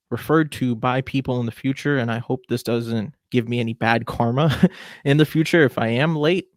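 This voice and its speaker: A man's voice: mid-range voice, no echo, clean studio sound. Chatty young man ranting. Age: 20s. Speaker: podcast host. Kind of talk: casual podcast rant.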